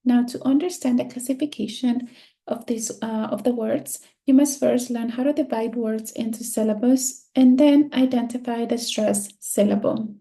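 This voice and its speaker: A woman teaching a screen-share lesson, speaking slowly and patiently and repeating words to drill the stress. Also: on the high side, fairly even intonation, warm tone. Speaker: Spanish teacher.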